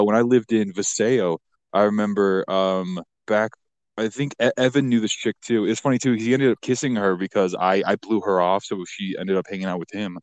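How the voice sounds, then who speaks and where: A man's voice: on the low side, no room sound. A man co-hosting a podcast in crude casual banter, rambling with lots of fillers and frequent laughter. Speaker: podcast co-host.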